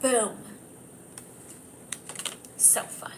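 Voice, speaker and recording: A woman comedian hosting her own livestream, chatting loosely and giggling, often talking loudly and at times yelling. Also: medium pitch, animated, normal speed, background noise. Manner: giggly and scattered. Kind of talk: rambling casual livestream chat. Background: piano playing.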